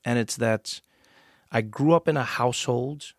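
A man with a South African accent, hosting a casual conversation and telling stories with lively acted-out quotes. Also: medium pitch, measured pace, no room sound, studio quality. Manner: animated storyteller, acts out quoted voices. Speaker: podcast host.

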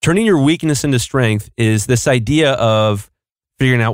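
A man's voice: mid-range voice, lively intonation, normal speed, no echo, studio quality. A married man hosting a podcast, speaking bluntly and with strong opinions. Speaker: podcast host. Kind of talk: casual podcast chat.

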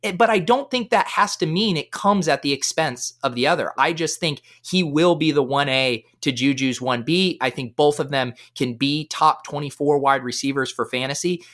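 A man giving fantasy football analysis as a guest in a casual podcast chat, talking with energy. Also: fairly high pitch. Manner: energetic, fast-flowing analysis.

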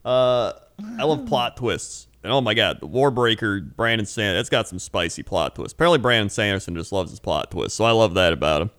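A man's voice: fairly low pitch, animated, brisk, fairly bright tone, a little hiss or hum. A young man in casual podcast chat, telling rambling stories and laughing often. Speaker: podcast co-host.

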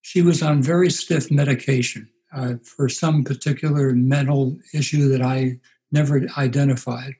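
A man in his eighties, a pastor being interviewed, telling stories in an unhurried way and acting out the voices he quotes. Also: medium pitch, steady tone, dark tone, poor audio. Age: 80s. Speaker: pastor and guest. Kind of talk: reflective storytelling interview.

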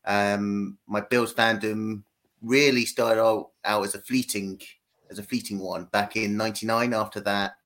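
A man from East London with an English accent, chatting casually as a podcast guest, relaxed and joking, with frequent ums. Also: lowish voice, a little slow. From East London, England. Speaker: guest, UK fan club founder.

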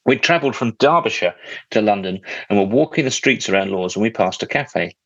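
A man's voice: on the low side, lively intonation, a little fast, slightly rough, no echo, dull audio. A man hosting a casual podcast, reading out listener letters with a jokey, teasing manner. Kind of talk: casual chat.

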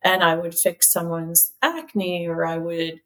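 A woman who is a company CEO and cosmetic chemist, telling stories as an interview guest in a lively way, laughing often and using lots of "like.". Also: on the low side, unhurried. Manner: lively storyteller, laughs often, many "like" fillers. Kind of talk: casual chat, telling stories.

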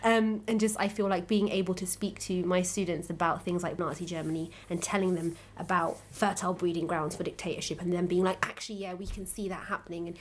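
A woman schoolteacher, a guest chatting casually on a podcast, who tells animated stories and laughs often. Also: lowish voice, brisk, few pauses.

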